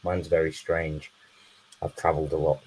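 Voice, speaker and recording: A man's voice: a bass voice, level tone, moderate pace, a crowd in the background, low-quality recording. A man from northern England with an English accent, hosting a casual livestream chat, laughing often and joking about himself. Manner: laughs often, chatty and self-deprecating. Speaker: livestream host.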